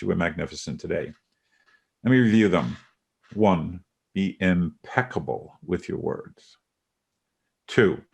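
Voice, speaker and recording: A man's voice: deep voice, gravelly, breathy edge. A middle-aged man hosting a casual podcast conversation, affirming and guiding the talk. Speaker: podcast host.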